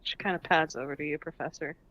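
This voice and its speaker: A woman's voice: low-pitched, fairly even intonation, fast, a bit bright, lo-fi sound. Woman game master narrating a tabletop game. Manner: playful, jokes with the players.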